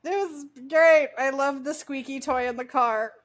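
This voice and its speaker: A woman's voice: high-pitched, measured pace. A woman co-hosting a podcast in casual chat, teasing and laid-back. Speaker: podcast co-host.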